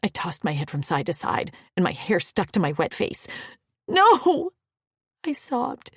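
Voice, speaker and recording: A woman narrating a first-person romance audiobook in an emotional, breathy, intimate way. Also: deep voice, a little fast, no room sound, clean studio sound.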